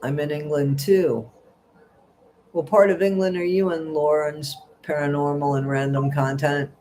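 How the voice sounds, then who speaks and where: A man's voice: fairly high pitch, fairly even intonation, a little slow, darkish tone, a little hiss or hum. A middle-aged man hosts a casual livestream, reading out viewer comments and gossiping in a rambling, chatty way. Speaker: livestream host.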